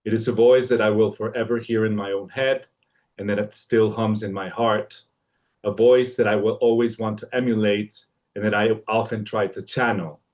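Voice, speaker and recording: A man from Mexico joining by livestream to read a written tribute, hesitant at first, then steady and poetic. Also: lowish voice, normal speed. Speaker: family friend giving a tribute. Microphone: livestream connection.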